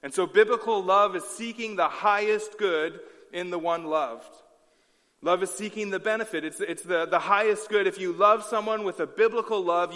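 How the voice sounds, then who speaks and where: Male pastor, slightly high voice, earnest sermon delivery with restarts, reverberant hall. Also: fairly bright tone. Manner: earnest, repeats himself with frequent restarts.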